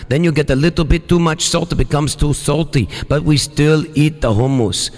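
A man's voice: fairly high pitch, normal speed, big-room sound, faint music behind, natural voice. A man voicing a mysterious male love guru with an Eastern European accent who gives solemn, odd advice on a radio show. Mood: advising.

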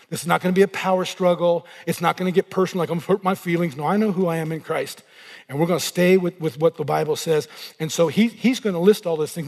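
A middle-aged male pastor preaching a sermon, animated and acting out inner voices as he goes. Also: high voice, in a large hall.

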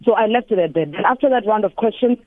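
A woman's voice: medium pitch, quick pace. Emphatic woman on a phone line. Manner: emphatic and emotional, repeating herself for stress. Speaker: sports reporter. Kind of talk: phone-in radio interview. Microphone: telephone. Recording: dry tinny phone line.

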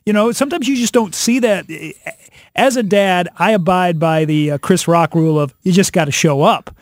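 Casting: male co-host, high voice, starts and stops, dry booth sound. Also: no room sound. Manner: halting, stammers before making points. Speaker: radio show co-host. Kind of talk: casual chat.

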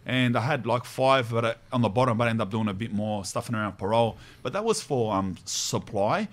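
Australian male host, casual storyteller, slangy and animated, mid-range voice. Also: medium pitch, fairly quick. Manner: animated, slangy, laughs while telling stories. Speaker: podcast host.

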